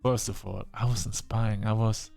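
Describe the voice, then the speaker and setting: A man's voice: on the low side, flat delivery, unhurried, vocal fry, darkish tone, faint music behind. A man voicing a stern, blunt young woman who speaks in a dry, matter-of-fact, scolding way.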